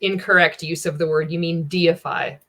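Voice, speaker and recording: A woman's voice: fairly low pitch, steady tone, normal speed, fairly bright tone. A woman giving casual reaction commentary as a former insider, blunt and sarcastic, swearing freely. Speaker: anti-MLM reaction commentator.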